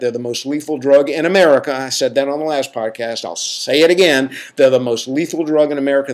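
A man's voice: medium pitch, a little mellow. A middle-aged man talks straight to his listeners in a podcast monologue. His delivery is folksy and emphatic, with a preachy edge. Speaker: podcast host. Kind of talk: casual monologue.

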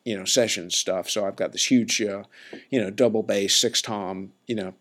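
A man's voice: lowish voice, fairly even intonation, moderate pace, fairly bright tone. A man hosting a podcast, telling stories in a chatty, laid-back way with lots of fillers and restarts. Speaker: podcast host. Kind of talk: casual rambling storytelling.

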